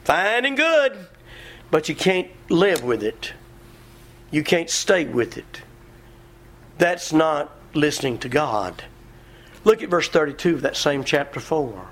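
With a fairly high pitch that swings widely, a middle-aged man preaches slowly. His delivery is folksy and forceful; he quotes scripture and acts out his audience, shouting as he mimics the congregants.

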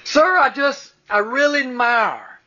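A man's voice: very high voice, lively intonation, a little slow, pushed and bright, dull audio, pitched above the performer's own voice, heavily acted. A man acting out a polite woman shopper who earnestly praises a stranger. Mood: admiring.

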